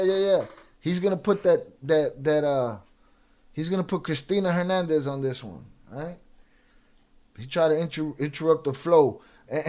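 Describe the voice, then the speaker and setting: A middle-aged man hosting a livestream, chatting casually and reading viewer comments in loose street slang with joking asides and pauses. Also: fairly high pitch. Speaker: livestream reaction host.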